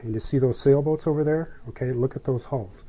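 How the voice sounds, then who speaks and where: A man's voice: medium pitch, fairly quick, warm tone, voice pushed up, close to an everyday voice. A man voicing a cautious male windsurf rental clerk who gives matter-of-fact warnings.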